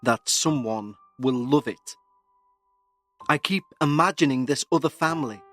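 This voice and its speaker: A man's voice: mid-range voice, a little slow, a bit bright, no echo, soft background music, close to an everyday voice. A man reading a listener's letter as an anxious Scottish woman, in a put-on Scottish accent, earnest and uneasy. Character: anxious Scottish woman writing about a haunted dresser. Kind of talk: dramatic reading of a listener email.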